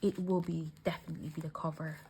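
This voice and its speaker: A woman, chatting tearfully and gushing as she unwraps gifts, often sinking into a soft whisper. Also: sits low, little pitch movement, quick pace, a little hiss or hum. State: teary. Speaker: craft vlogger. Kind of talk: casual unboxing chat.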